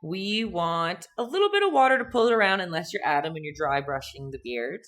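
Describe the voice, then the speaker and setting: Low-voiced woman teaching painting live. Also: big pitch swings, brisk, fairly bright tone. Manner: chatty and playful, reads out chat, giggles often. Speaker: painting instructor on a live stream. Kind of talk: casual live-stream painting lesson, chatting with viewers.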